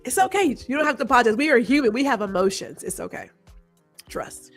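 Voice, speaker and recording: A woman's voice: on the high side, fast talker, soft background music. Chatty woman podcast host. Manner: chatty, animated, reads viewer comments aloud. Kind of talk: casual interview chat.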